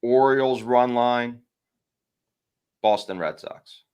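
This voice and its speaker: A man's voice: mid-range voice, slow pace, darkish tone, clean tone. A man co-hosting a casual sports betting show, giving his picks with playful, mock-indignant banter.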